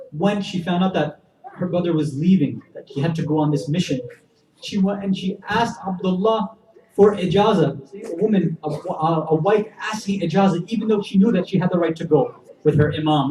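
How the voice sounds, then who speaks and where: A man giving an emotional sermon, telling the story in a voice that swells from hushed to impassioned as he speaks straight to his listeners. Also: on the high side, slight background noise. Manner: builds from hushed to impassioned, addresses audience directly. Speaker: speaker at a religious gathering. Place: community center hall. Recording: echoey hall, voice from a distance.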